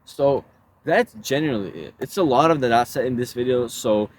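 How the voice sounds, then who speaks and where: A man's voice: mid-range voice, fairly quick, slight background noise. A man giving casual self-help advice in a laid-back way, calling the listener bro.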